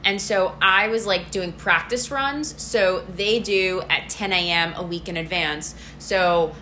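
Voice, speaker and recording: Low-voiced, chatty woman co-host. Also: unhurried, a little hiss or hum. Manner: chatty and excitable, heavy use of "like". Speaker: podcast co-host. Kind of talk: casual chat.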